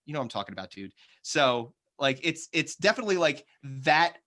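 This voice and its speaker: Guy guesting on a podcast, slightly high bright voice, rambling and swearing. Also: fairly quick. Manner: animated, swearing, lots of restarts and fillers. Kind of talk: casual chat.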